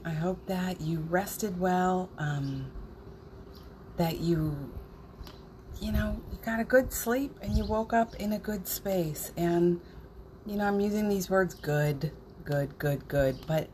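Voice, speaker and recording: A woman leads a spiritual morning livestream, speaking very slowly and gently as she greets her viewers by name. Her tone is playful, and small laughs come through between her words. A faint hiss of home ambience sits behind her voice. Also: fairly low pitch. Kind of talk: live-streamed spiritual talk greeting viewers.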